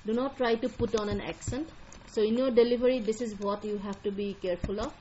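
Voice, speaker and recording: A woman's voice: on the high side, steady tone, quick pace, mellow, dull audio, slight background noise. A woman with an Indian accent, an admissions counselor giving a live online lecture in a directive way, repeating her key points.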